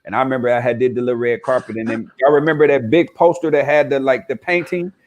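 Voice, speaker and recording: A man on a video call, reminiscing in a relaxed, casual way. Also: mid-range voice, fast. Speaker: guest actor.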